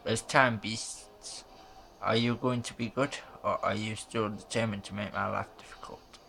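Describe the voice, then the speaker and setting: A man reads out a cold male villain jailer, sneering and condescending, with a low, gravelly voice. He talks slowly, taunting his captives. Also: steady tone, bright, forceful tone, soft background music, heavily acted. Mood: mocking.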